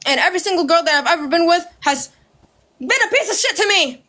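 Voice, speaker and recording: A woman ranting straight to camera, loud and heated, swearing constantly and mimicking her critics with sarcasm. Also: high voice, lively intonation, quick pace. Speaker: social media creator. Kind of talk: ranting direct-to-camera video.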